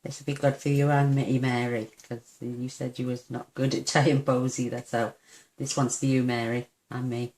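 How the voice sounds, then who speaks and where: With a very deep, darkish voice, a woman speaks at normal speed in a flat delivery. She hosts a casual papercraft tutorial at her desk, chatting as she works, gushing over how cute each step looks, and poking fun at herself.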